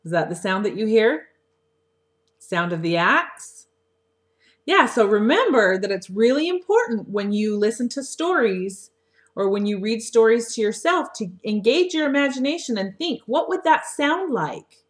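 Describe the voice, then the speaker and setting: A woman teacher talking a young class through a story lesson, asking gentle questions, recorded on a webcam microphone. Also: fairly high pitch, very animated. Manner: slow, coaxing questions to children. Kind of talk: read-aloud lesson for young children.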